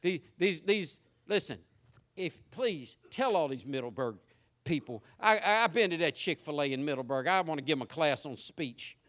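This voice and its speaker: Bright high-voiced Southern preacher. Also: male voice, lively intonation, normal speed. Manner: folksy, emphatic preaching with mimicked exclamations. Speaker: pastor. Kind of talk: sermon.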